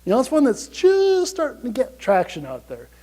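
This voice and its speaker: A man giving a motivational conference talk to an audience, energetic and chatty, often asking "right?". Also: very high-pitched, moderate pace, low-quality recording. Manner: energetic, chatty, repeats "you gotta" and "right?". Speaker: conference speaker.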